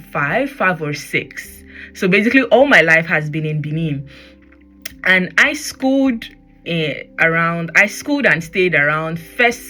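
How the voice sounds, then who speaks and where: A young Nigerian woman with a Nigerian accent, chatting on her own podcast and slipping into Pidgin as she acts out what people said. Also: bright, forceful tone. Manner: chatty, switching into Pidgin, acting out quotes in a high voice. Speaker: podcast host. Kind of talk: personal podcast monologue.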